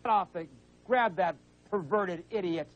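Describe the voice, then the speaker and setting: A man's voice: high voice, measured pace. A man hosting a call-in radio show, scolding and exasperated with prank callers. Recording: dull lo-fi broadcast audio.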